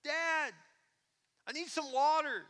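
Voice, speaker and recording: A man's voice: takes it slowly, sharp tone, exaggerated voice. A man doing a whiny little boy calling for water. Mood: whiny pleading. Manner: high pleading calls from far off. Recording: long hall reverb.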